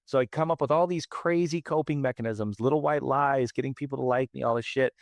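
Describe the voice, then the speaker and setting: A man's voice: mid-range voice, a little fast, dry recording. A man in his late thirties, a podcast guest, telling a raw personal story in a candid, profane, emphatic way, often repeating his words. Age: late 30s. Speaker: podcast guest, band frontman.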